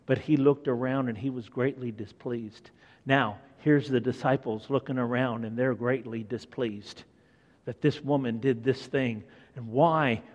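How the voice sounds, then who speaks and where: A man's voice: mid-range voice, steady tone, measured pace, darkish tone, lo-fi sound. A man preaching a conversational sermon who asks his listeners questions. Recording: long echoing hall reverb.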